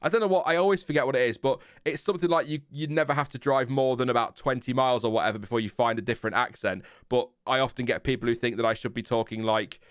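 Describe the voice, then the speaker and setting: A man with a Lincolnshire English accent hosts a live stream in loose casual chat. He talks at a middling pitch, self-mocking and quick to laugh. His voice is close and dry, with no room sound. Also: clear, resonant tone, no echo. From Lincolnshire, England. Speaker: livestream host.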